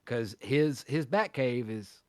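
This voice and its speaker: A man's voice: mid-range voice, slow, dry recording, studio quality. A man co-hosting a podcast in casual chat, rambling with frequent restarts and easy laughter. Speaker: podcast co-host.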